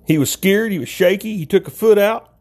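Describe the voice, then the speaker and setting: Man preaching a folksy, lively sermon. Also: a little fast. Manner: conversational, addresses listeners as folks, big pitch swings. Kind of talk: informal sermon.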